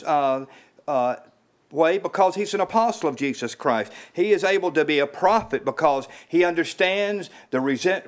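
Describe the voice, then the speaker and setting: Halting, higher-voiced male house-church preacher. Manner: halting, repeats words, many fillers; rises in pitch when stressing a point. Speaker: lay preacher. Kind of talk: informal sermon.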